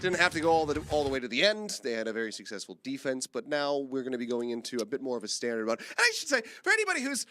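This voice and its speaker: A man casting a live esports show match in a lively, jokey way, now and then mimicking a whiny viewer. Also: medium pitch, fast, hardly any pauses, dry recording, clean studio sound. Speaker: esports caster.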